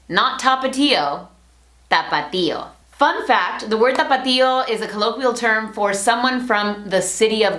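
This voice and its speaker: Young woman, bilingual language teacher, careful enunciation, mid pitch, echoey room. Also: a bit bright. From Latin America. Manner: clear, deliberate enunciation, switching between English and Spanish. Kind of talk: bilingual pronunciation lesson.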